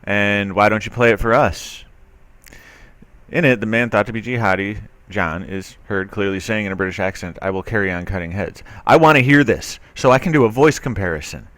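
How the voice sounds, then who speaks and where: A commentary video host, a man, reads a news article aloud and remarks on it with skepticism and sarcasm, his talk loose and packed with fillers and restarts. His voice is on the low side and fairly bright in tone, and he speaks fairly quickly. There's no room sound.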